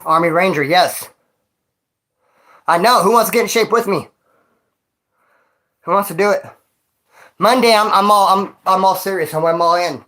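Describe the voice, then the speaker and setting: A man's voice: sits high, normal speed, pauses often, sharp tone. A man telling stories on a casual vlog into his phone, winded after exercise, talking street slang and calling the listener dog and homie. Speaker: vlogger.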